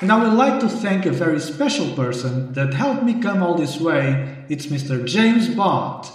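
Theatrical, high-voiced man hosting a comedy podcast. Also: sing-song, normal speed, a faint crowd, a little hiss or hum. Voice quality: theatrical, gloating. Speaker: podcast host. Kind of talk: comic sketch hosting. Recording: echoey room, far from the mic, faint music.

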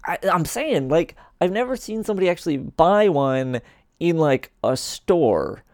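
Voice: medium pitch, very animated, normal speed, dry recording, clean studio sound. A podcast co-host in casual chat about a TV episode, easygoing and hesitant with many fillers.

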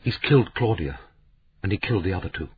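A man's voice: deep voice, expressive, fast talker, slight background noise. A man voicing a frightened but defiant young woman who speaks urgently, in a storybook reading. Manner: urgent, insistent. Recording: tinny phone-like sound.

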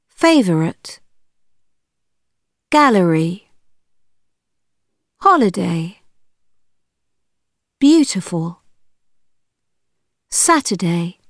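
Female coursebook reader: slow, deliberate single-word pronunciation, bouncy intonation, dry studio sound. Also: fairly low pitch, no echo. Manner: slow, carefully stressed single words with pauses. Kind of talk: reading single words for a coursebook audio.

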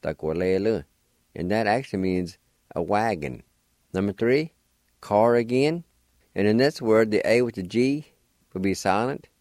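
Slow, low-voiced man teaching words. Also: darkish tone, no room sound, studio quality. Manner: spells out words letter by letter, unhurried. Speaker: radio language teacher. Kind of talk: slow, deliberate language lesson.

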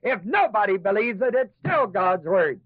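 A man's voice: sits high, big pitch swings, moderate pace, husky, dry recording. A man teaching a Bible class in sermon style, acting out the voices of doubters in asides and then pressing his points with rising emphasis. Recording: tinny lo-fi old tape, dry.

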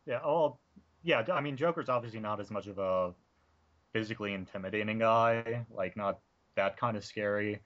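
A man with a fairly low voice chats about films and slips into quick impressions to make his point. He sounds lively and engaged. The recording is muffled and lo-fi. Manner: animated, mimics voices while explaining. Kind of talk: casual movie discussion.

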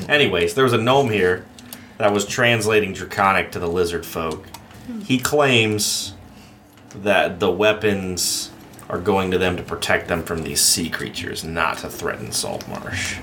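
A very deep-voiced man playing at a tabletop game, chatty and joking. His pitch swings around lively as he talks. Faint ambience hangs in the background. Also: measured pace, slight background noise. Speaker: player. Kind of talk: casual chat at a game table.

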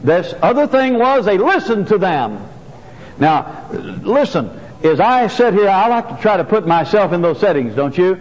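An older male pastor preaches with a high, swooping voice that rises and falls freely. He hammers home key phrases by repeating them. The sound is dull and lo-fi, with a long reverb trailing through a church hall. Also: sing-song, normal speed, darkish tone. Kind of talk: sermon. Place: church sanctuary.

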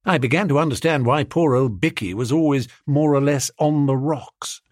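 A man's voice: mid-range voice, expressive, normal speed, hardly any pauses, no room sound, clean studio sound. A man narrating a comic novel as an audiobook reader, in a breezy, storytelling manner.

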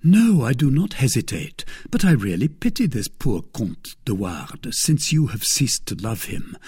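A man reading a smooth, caressing young swordsman. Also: mid-range voice, big pitch swings, unhurried, a little mellow, full character voice. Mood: tender.

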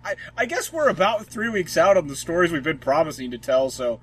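High, lively man cracking crude jokes. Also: brisk, husky. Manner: rambling, frequent laughter, crude jokes. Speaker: podcast co-host. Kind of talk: casual comedic podcast banter.

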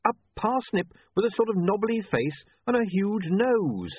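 A man voicing a wry, anxious young male newspaper editor who talks in a hurried way. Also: high voice, very animated, breathy edge, voice pushed up, full character voice. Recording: tinny phone-like, dry.

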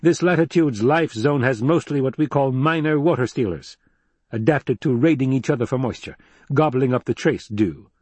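A man's voice: mid-range voice, animated, normal speed, darkish tone, breathy edge, no echo, pitched above the performer's own voice. A man voicing a stiff, guarded male planetologist in an audiobook, speaking in a curt, clipped way. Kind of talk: audiobook character reading.

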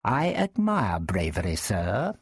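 A man's voice: sits high, big pitch swings, unhurried, no echo, clean studio sound, voice pushed up, exaggerated voice. A man voicing a scholarly doctor who hates war and speaks in a mild but cutting way. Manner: mild and cutting, flaring into fury.

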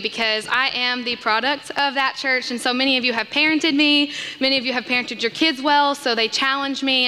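A young woman, a church missions director, telling an animated story from the stage and acting out the voices in it. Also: high voice, clean tone. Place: church sanctuary. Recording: long hall reverb.

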